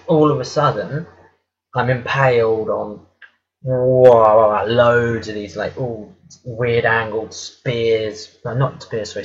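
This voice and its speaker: Slow, rambling man, lo-fi. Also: lowish voice, a bit bright. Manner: rambling, hesitant, with many fillers and swearing. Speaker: vlogger. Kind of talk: casual storytelling.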